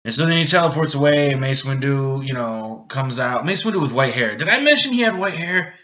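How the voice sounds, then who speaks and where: A drunk man hosting a video, retelling a movie plot in a halting, rambling way with many restarts. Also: medium pitch, expressive, a bit bright, lo-fi sound. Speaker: video host.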